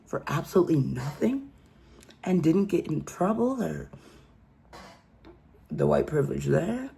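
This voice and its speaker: A woman's voice: low voice, lively intonation, a little slow, creaky, mellow. A woman giving a casual true crime commentary, telling the story emphatically and incredulously and often asking "okay?".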